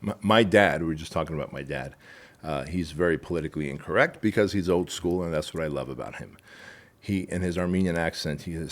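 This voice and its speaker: A man who is a guest on a podcast, talking forcefully and emphatically, swearing as he makes his points in casual chat. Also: low-pitched, fairly quick.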